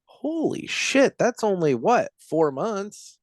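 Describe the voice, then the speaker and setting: A man hosting a podcast in casual chat, reacting quickly and cursing in surprise. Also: sits high, very animated, no echo, studio quality. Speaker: podcast host.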